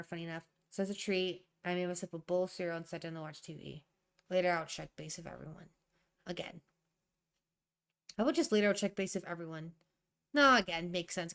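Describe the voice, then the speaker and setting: A young woman with a smooth, fairly low voice thinks aloud while editing a draft, rereading her sentences and ranting in asides. She's a writer streaming her writing session.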